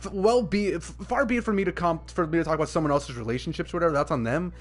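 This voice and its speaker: High-voiced young man ranting profanely. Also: fast. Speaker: streamer. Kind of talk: casual stream rant.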